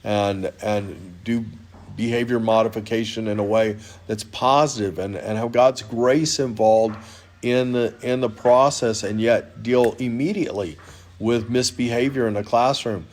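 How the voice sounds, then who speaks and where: A man giving an informal spoken appeal about his ministry, halting with many restarts and growing emotional. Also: lowish voice, fairly even intonation, a little mellow. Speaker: ministry leader. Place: hotel in Uganda.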